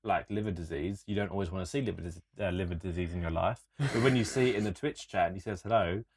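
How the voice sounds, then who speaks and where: A young man, co-hosting a casual podcast and telling stories in an animated, sweary rant. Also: sits low, quick pace, a little hiss or hum. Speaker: podcast co-host. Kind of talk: casual chat.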